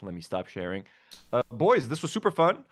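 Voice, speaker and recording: Brief: easygoing male co-host, mid-pitch, casual live-stream banter, home mic on a call. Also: wildly swooping pitch, a little fast. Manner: laid-back, laughs often, thanks donors one by one. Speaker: podcast co-host reading donations.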